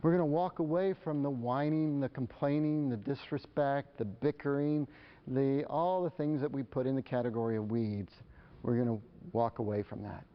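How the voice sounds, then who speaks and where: A man giving a live presentation to parents, animated and acting out the exchanges between parents and children. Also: mid-range voice, moderate pace. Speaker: speaker on parenting. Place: lecture hall. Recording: dull lo-fi live recording.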